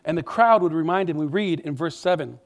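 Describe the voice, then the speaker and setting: A male pastor delivering a sermon with an animated, emphatic tone and conversational asides. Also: on the high side, brisk.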